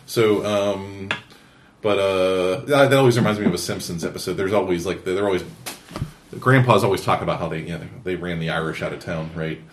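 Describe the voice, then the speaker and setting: A man's voice: low-pitched, brisk, slight background noise. A man hosting a casual podcast in a studio, rambling with many fillers and restarts. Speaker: podcast host. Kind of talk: casual chat.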